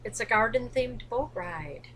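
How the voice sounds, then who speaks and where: A woman's voice: a little high, expressive, unhurried, a bit bright, a little hiss or hum, poor audio. A woman co-hosting a casual chat about theme park rides, bubbly and tripping over names. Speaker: co-host of a coaster channel. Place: indoors, dim room at home.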